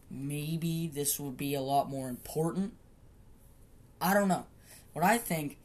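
A woman hosting a solo podcast, rambling casually and swearing, with frequent laughter. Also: sits low. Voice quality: profane, rambling, laughs often. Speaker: podcast host.

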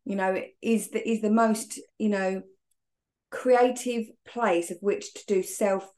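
A woman's voice: mid-range voice, steady tone, slow pace, darkish tone. A woman hosting a podcast interview, talking in an earnest, musing way about personal growth. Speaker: podcast host. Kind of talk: reflective interview conversation.

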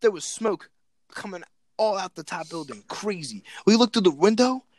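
A young man casually telling a story, animated and excited, repeating words and acting out what people said. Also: high-pitched, normal speed, no room sound.

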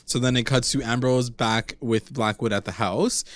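A man's voice: mid-range voice, fairly even intonation, normal speed, dry recording. Chatty man recapping a show, dry sound. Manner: chatty, rambling, heavy use of "like". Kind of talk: casual chat recapping a TV episode.

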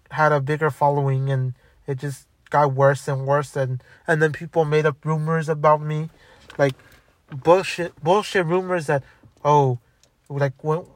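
A man's voice: on the high side, fairly even intonation, measured pace, dry recording. Bitter, rambling young man venting. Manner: bitter, profane, rambling with many restarts. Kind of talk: angry personal storytelling monologue.

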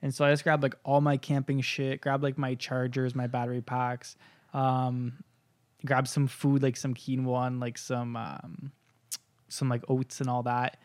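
A man's voice: medium pitch, completely flat delivery, unhurried, a little mellow, no room sound. Young man telling a story, laughing. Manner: laid-back, swears a lot, acts out quotes, laughs often. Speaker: podcast co-host. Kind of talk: casual podcast chat, storytelling.

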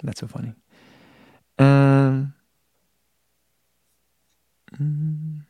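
A man's voice: medium pitch, steady tone, extremely slow, warm tone, no room sound. A man hosting a running live stream, chatting casually, reading out viewer comments and rambling with self-deprecating laughs.

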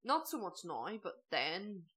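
A young woman, co-hosting a podcast and chatting casually, with plenty of "like" and drawn-out emphasis. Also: lowish voice, sing-song, background noise. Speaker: podcast co-host. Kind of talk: casual storytelling chat.

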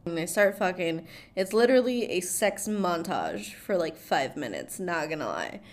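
A woman's voice: fairly low pitch, very animated, normal speed. A young woman retelling a film plot in casual chat. She talks with a lot of profanity, laughs often, and fills her speech with "like" and "blah, blah.".

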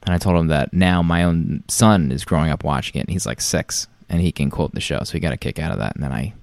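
A man's voice: very deep voice, fast, vocal fry, darkish tone, no echo. A man in his thirties, a podcast co-host, chatting casually and rambling through anecdotes with many restarts. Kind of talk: casual chat.

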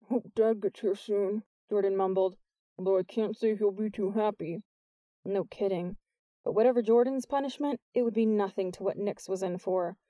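A woman reading a novel aloud as an audiobook narrator, with steady scripted narration. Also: no room sound. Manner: lifts her pitch for the characters' lines.

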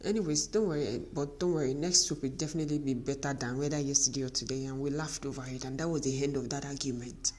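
A woman's voice: very deep voice, quick pace, hardly any pauses. A middle-aged woman with a Nigerian accent gives a motivational talk to women as a podcast host, telling stories and acting out bits of dialogue. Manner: animated storytelling, acting out dialogue.

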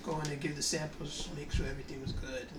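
A man's voice: on the high side, quick pace, roomy sound, far from the mic, very noisy. A man co-hosting a podcast, telling a work story in casual chat with lots of laughter. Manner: animated storytelling, laughs often. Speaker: podcast co-host.

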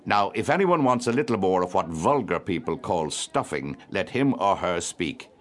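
A man's voice: low-pitched, sing-song, moderate pace. A man voicing an amiable, jocular host at a dinner table. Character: genial host carving at a dinner.

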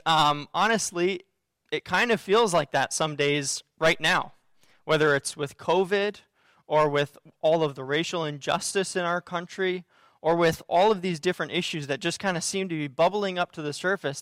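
A man's voice: fairly high pitch, moderate pace, fairly bright tone, clean tone, no room sound, studio quality. A man giving a sermon as a pastor, earnest and conversational, with frequent fillers and restarts.

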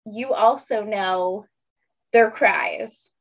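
A woman chatting casually about her young daughter, relaxed and agreeable with short reactions. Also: mid-range voice, drawn-out words. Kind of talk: casual chat. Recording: dull lo-fi sound.

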